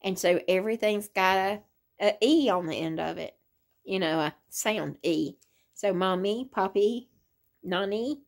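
Speaking at normal speed in a fairly low voice with vocal fry, an older crochet vlogger rambles sleepily to viewers. She's lying in a hospital bed in her living room, chatting casually.

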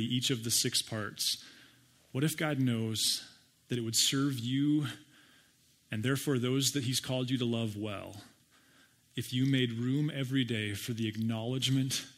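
A man's voice: mid-range voice, fairly bright tone. A middle-aged man preaching a sermon, conversational and stumbling over repeated words, lifting his voice to read scripture aloud. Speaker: pastor.

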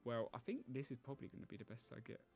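A man talking through a video game as he plays, thinking aloud, groaning and pleading at the screen. His pitch swings widely as he talks. Faint music plays underneath. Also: expressive, racing, darkish tone. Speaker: gaming YouTuber. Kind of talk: live gameplay commentary.

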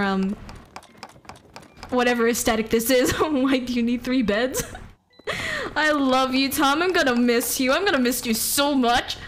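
Giggly high-voiced woman streaming a game. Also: a little hiss or hum. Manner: giggly, chatty, swears, reads chat aloud. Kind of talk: casual live-stream chat while playing a game.

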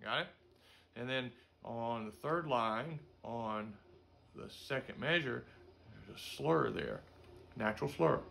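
A man's voice: medium pitch, lively intonation, takes it slowly, creaky, fairly bright tone, a little hiss or hum. A middle-aged man teaching a music lesson in a casual way, singing note syllables to show how passages should sound. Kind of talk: instrument lesson.

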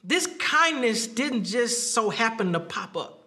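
Bright, high-voiced animated male preacher. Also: measured pace. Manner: animated preaching with laughs and repeated phrases; acts out quoted speech with rising pitch. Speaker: pastor. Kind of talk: sermon.

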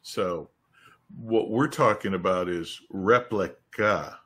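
A man with a somewhat low voice hosts a casual webcast. He jokes, rambles and restarts his sentences. He speaks over a video call. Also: slow, a bit bright. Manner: joking, rambling, with restarts and laughter. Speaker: webcast host. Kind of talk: casual company webcast chat.

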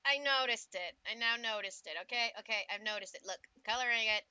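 Host: woman, bright sharp high voice, dry close sound, goofy banter while coloring. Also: clear, resonant tone, no room sound. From Scotland. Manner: playful, goofy, quick to joke. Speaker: artist hosting a drawing video. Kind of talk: casual chat while coloring.

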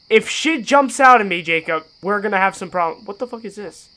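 A man giving profane, sarcastic let's-play commentary on a horror game, moving between low mutters and panicked yells. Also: expressive, normal speed, hardly any pauses, clear, resonant tone. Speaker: gaming YouTuber.

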